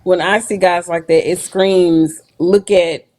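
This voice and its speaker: A woman's voice: fairly low pitch, fairly even intonation, a little slow, darkish tone. A woman guest in a casual podcast chat, easygoing and often laughing as she talks.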